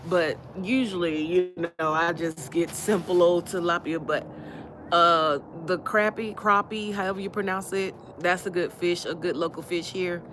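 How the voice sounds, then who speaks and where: A woman from Alabama with a Southern accent hosts a casual livestream chat against a noisy background. Her voice is fairly low, evenly intoned and moderately paced, and she's easygoing, laughing often as she repeats her phrases.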